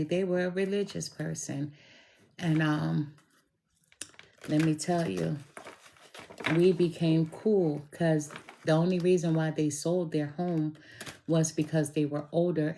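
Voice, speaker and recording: A woman's voice: low voice, vocal fry, warm tone, slight background noise. A middle-aged woman telling a personal story in a casual, emphatic way, speaking straight to the listener. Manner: slow, deliberate and emphatic, addresses listener directly.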